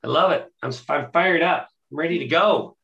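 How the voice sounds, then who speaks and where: Male podcast host, sharp bright tone, eager and wordy, keeps restarting his questions. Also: fairly high pitch, moderate pace, gravelly, highs cut off. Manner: enthusiastic, rambling questions with restarts. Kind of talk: casual interview talk.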